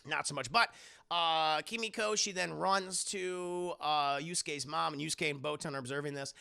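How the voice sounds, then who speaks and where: Gravelly, bright-voiced excitable male streamer. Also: a little high, normal speed. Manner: excitable, jokey, swears often, laughs a lot. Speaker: streamer reviewing an anime episode. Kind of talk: casual profane recap with acted-out quotes. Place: streaming setup at home.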